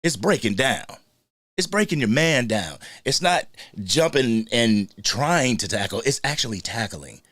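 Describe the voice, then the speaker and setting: A man's voice: medium pitch, measured pace, dry recording, studio quality. A man hosting a casual live fan stream, greeting viewers in the chat by name. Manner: animated, shouts out viewers in the chat. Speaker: host of a live fan show.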